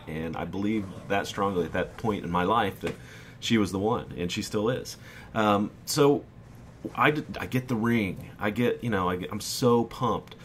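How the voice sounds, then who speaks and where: A man in his twenties casually telling a personal story over gameplay, candid and animated, often quoting what people said. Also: sits low, moderate pace, slight background noise. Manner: candid, animated retelling with quoted dialogue. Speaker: gaming YouTuber.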